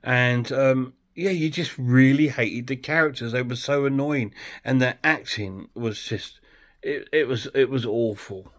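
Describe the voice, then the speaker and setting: A man's voice: mid-range voice, unhurried. A man chatting bluntly and ramblingly as he reviews a film for his channel. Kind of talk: casual film review vlog.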